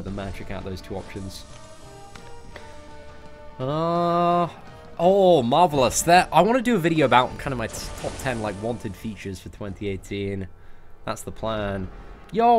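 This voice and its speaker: Chatty young British man streaming. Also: medium pitch. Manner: chatty, frequent "man" and "you know". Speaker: livestream host. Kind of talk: casual stream chat, answering viewers.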